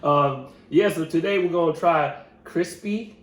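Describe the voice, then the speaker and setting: A man's voice: fairly high pitch, unhurried. Laid-back man on an echoey podcast. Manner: laid-back, laughs often, hypes the intro. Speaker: podcast co-host. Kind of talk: casual podcast chat. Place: home room. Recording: echoey room with faint hiss.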